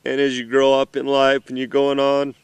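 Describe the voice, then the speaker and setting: A middle-aged man speaks to his children from an off-road vehicle in the mountains, earnest and emotional, often halting. His voice is smooth and clear, with a steady, narrow pitch, and it sounds dry and close to the mic. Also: no echo. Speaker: father addressing his children. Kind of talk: heartfelt personal message.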